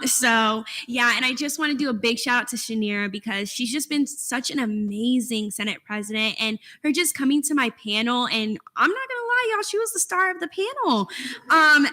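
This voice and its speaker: A woman's voice: fairly high pitch, bright, forceful tone. A young woman student senator giving emotional, rambling thank-yous at a meeting, tearing up as she speaks. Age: young adult. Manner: tearful, effusive, rambling with restarts. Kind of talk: emotional farewell remarks at a meeting. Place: meeting room.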